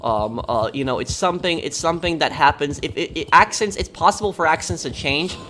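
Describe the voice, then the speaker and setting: A man's voice: on the high side, pushed and bright, soft background music. Rambling man. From New York. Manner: rambling, halting, repeats words while thinking. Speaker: game streamer. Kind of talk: casual chat while gaming.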